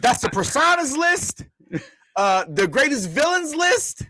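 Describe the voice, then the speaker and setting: A male co-host trades playful banter on a wrestling talk podcast, cutting in quickly. His voice is bright and lively, a little high, recorded dry and close. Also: no room sound.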